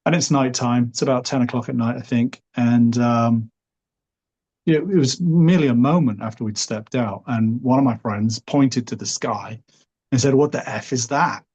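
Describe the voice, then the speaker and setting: Husky Liverpool man telling a story. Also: mid-range voice, moderate pace, darkish tone. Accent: Liverpool English. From Liverpool, England. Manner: rambling, hedges often with "sort of" and "you know". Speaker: podcast guest. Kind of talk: relaxed storytelling.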